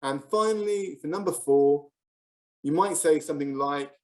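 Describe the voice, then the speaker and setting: A teacher presenting a scripted English lesson, speaking slowly and clearly and modelling example phrases for learners. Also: mid-range voice, expressive, a little mellow.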